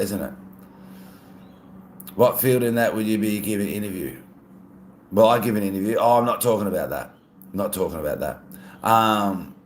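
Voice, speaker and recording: A man's voice: fairly low pitch, echoey room, a little hiss or hum. A man with an Australian accent, chatting casually on a live stream and reading out viewer comments. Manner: relaxed, chatty, laughs often.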